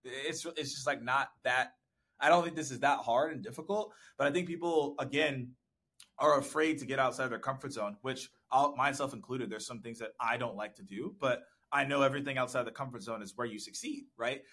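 Interviewed in a relaxed chat about sales outreach, this talkative salesman laughs a lot as he speaks briskly. His voice sits at medium pitch with a slightly bright quality, picked up by a desk mic with content gear.

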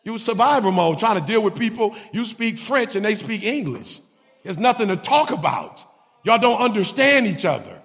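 A man preaching an animated sermon, laughing often and breaking into shouts. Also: high voice, moderate pace, vocal fry, long reverb tail.

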